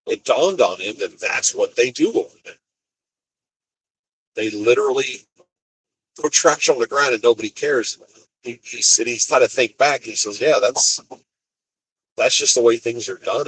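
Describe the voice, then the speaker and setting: Here the truck driver, an expediter alone on the road, has a husky, medium-pitched voice on a dry, low-quality recording from inside his vehicle. He rambles casually, keeps restarting his sentences, and retells what people said.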